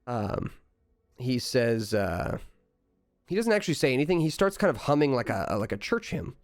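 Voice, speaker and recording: Relaxed man narrating a tabletop game. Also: medium pitch, no echo, clean studio sound. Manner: relaxed, halting, many fillers. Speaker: game master.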